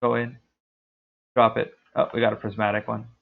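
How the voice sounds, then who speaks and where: A young man streaming a game, talking through his play in a laid-back, rambling way with a deep, dark voice. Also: level tone, moderate pace, creaky. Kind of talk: casual gameplay commentary. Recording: tinny lo-fi stream mic.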